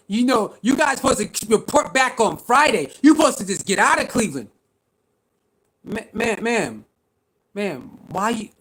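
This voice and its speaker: A young man with a high-pitched voice, ranting on a live reaction stream. He talks in an animated, slangy way, repeats himself, and keeps calling out to his viewers. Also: breathy edge. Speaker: vlogger reacting to sports news.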